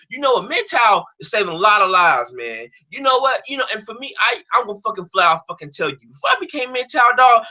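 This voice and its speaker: A man's voice: high-pitched, bright, forceful tone. A young American man on a stream, ranting heatedly with lots of profanity and many restarts and repeated words. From United States. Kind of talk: angry ranting monologue.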